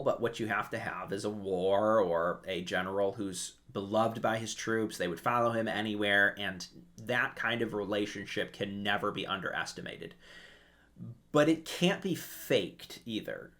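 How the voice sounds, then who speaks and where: Male commentator, lowish voice, lively casual history storyteller. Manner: animated storytelling, acts out quotes.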